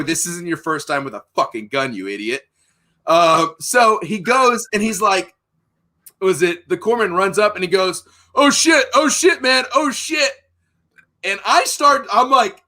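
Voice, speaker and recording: A young man hosting a podcast, telling a profane, animated story in casual chat. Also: fairly high pitch. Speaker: podcast host.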